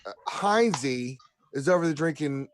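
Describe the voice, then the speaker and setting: An American man in loud, rowdy casual banter over a video call, swearing and laughing as he tells stories. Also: fairly high pitch, expressive, unhurried, a little hiss or hum. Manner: boisterous, swears, laughs a lot. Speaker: streamer co-host.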